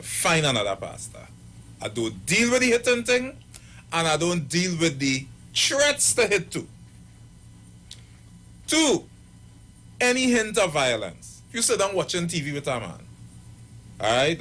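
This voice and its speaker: A man's voice: fairly high pitch, a little slow, pauses often, a little hiss or hum. A pastor and marriage counselor, giving advice on radio and acting out the people in his stories. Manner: animated storyteller acting out quoted voices. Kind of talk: radio talk, storytelling advice.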